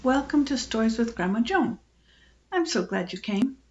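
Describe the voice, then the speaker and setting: A woman's voice: a little high, lively intonation, moderate pace, muffled recording. Older grandmother reading a storybook aloud. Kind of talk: reading a children's book aloud.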